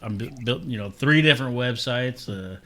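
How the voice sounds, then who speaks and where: A man's voice: medium pitch, lively intonation, moderate pace, a bit bright. A man hosting a casual interview, friendly and joking, with some restarts. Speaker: host, runs a radio and TV station.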